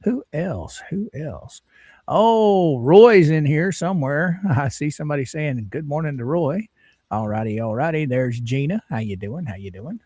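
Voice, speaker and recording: A man's voice: fairly high pitch, animated, measured pace, mellow, no room sound, studio quality. A man hosting a livestream, chatting casually and greeting viewers one by one by name in a folksy way. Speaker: livestream host.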